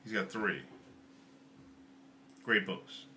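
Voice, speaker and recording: A man's voice: deep voice, drawn-out words, a little hiss or hum. A man hosting a casual livestream, telling stories with bursts of laughter and snacking while he talks. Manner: animated storytelling with laughs; snacking and chewing while talking. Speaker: show host.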